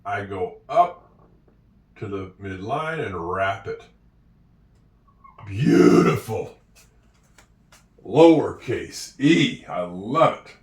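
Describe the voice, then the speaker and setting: A man teaching handwriting and spelling at a board, with slow, encouraging talk and drawn-out words. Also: on the low side, animated. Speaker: English teacher. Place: room with a whiteboard. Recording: echoey room, voice from a distance.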